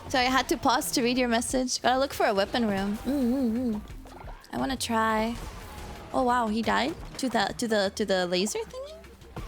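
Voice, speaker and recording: A woman's voice: on the high side, normal speed, faint music behind. A woman streamer chatting casually while playing a game, giggling often and reading messages from her chat, with a hiccup now and then. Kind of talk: casual gameplay commentary.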